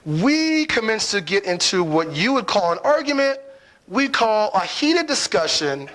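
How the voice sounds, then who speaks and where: A young man with a slightly high, very lively voice tells a story to an audience. He is playful and animated, acting out his own lines and often stopping to ask "right?" His pitch swings up and down a lot as he talks. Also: unhurried, poor audio. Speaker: speaker telling a personal lesson.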